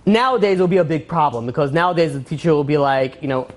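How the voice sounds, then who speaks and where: A man's voice: a little high, fast talker, hardly any pauses. A male rabbi giving an informal Torah class, telling parables in a rambling way full of "you know" and acting out the characters' lines. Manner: rambling storyteller, many fillers, acts out quotes.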